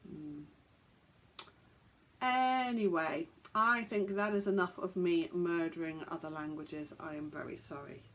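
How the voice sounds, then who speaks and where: A woman's voice: on the low side, level tone, normal speed, hardly any pauses, a bit bright. A woman hosting a podcast, chatting casually and joking at her own expense as she stumbles over foreign words. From England. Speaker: podcast host.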